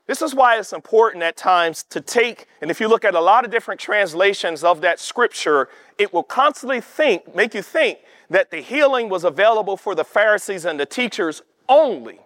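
A man preaching a sermon in a conversational way, often checking in with the congregation and slowing down to stress words of scripture. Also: high-pitched, lively intonation, fairly bright tone, no room sound, studio quality. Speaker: pastor.

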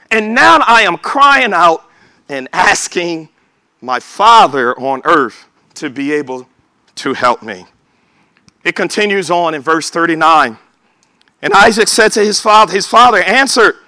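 High, lively preacher man. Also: no echo. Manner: emphatic, calls for amen, bursts of shouting. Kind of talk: sermon.

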